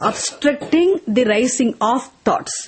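A woman giving a spiritual text class, explaining word meanings slowly and having students repeat each word after her. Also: high-pitched, lively intonation, slight background noise. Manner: slow, repetitive teaching, has students repeat words. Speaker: teacher.

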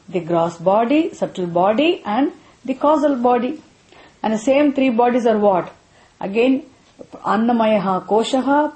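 A woman's voice: a little high, darkish tone. A woman teaching a scripture class, repeating points and often asking her students if they understand. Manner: repetitive, checks students with frequent questions. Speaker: spiritual teacher. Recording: echoey room.

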